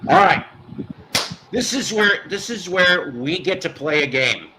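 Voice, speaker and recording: A man's voice: fairly high pitch, lively intonation, unhurried, background noise. A man hosting a casual live stream, ranting at his chat in an exasperated way, with stops and restarts. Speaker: host.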